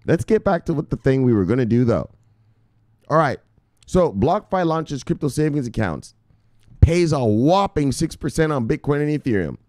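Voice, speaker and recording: Male crypto host, mid-range voice, hyped preacher-style rant, very expressive, profane, dry close sound. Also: mid-range voice, normal speed, dry recording. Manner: fired-up, preacher-like, swears constantly, repeats "look, look". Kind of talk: profane ranting commentary.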